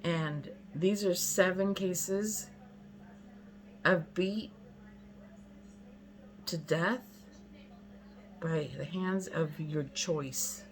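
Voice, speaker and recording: A woman in her fifties ranting to camera, blunt and exasperated, hammering her points again and again. Her voice sits a bit low for a woman. A faint hum of ambience runs underneath. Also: drawn-out words, pauses often, poor audio. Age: 50s. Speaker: vlogger. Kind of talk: casual rant to camera.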